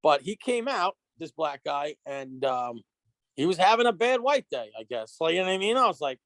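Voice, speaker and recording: A man telling a story on a casual podcast, animated and profane, acting out the dialogue. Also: on the high side, moderate pace, dry recording. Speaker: guest.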